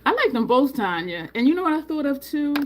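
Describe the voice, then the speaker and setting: A woman's voice: high-pitched, fairly quick. Woman doing a makeup live, chatty, greets viewers by name, bit of background hiss. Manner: chatty, talks to viewers by name, voice leaps up when excited. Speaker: makeup livestream host. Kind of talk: casual makeup livestream chat.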